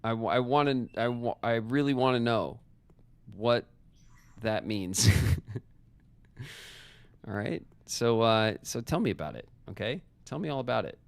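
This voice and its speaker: A man's voice: mid-range voice, animated, unhurried, creaky, pauses often, smooth, dry recording. A man streaming a puzzle game, chatting with his viewers and himself in a loose, joking way as he works out clues. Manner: chatty, talks to chat and himself, jokey asides. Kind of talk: casual live gameplay commentary.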